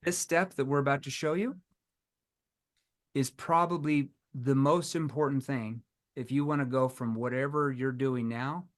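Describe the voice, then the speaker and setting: A man's voice: medium pitch, steady tone, a little slow. A man leading a live online sales training, emphatic and firing rhetorical questions at his audience.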